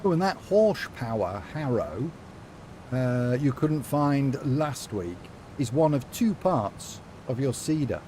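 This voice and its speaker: Male streamer, young, playful and sassy, warm low-key tone, lively pitch. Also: slow, slight background noise. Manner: playful, sassy, rambling with lots of fillers. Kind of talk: casual live-stream chat while gaming.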